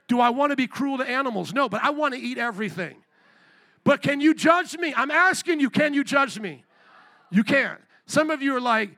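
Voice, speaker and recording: A man preaching a sermon as pastor, animated and joking, firing rhetorical questions at the congregation. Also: very high-pitched, normal speed, creaky, no room sound.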